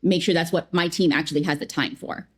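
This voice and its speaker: Lower-pitched chatty woman guest. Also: fairly quick, husky. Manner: chatty, animated, acts out quotes, lots of "like". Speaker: customer experience leader, podcast guest. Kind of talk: casual interview chat.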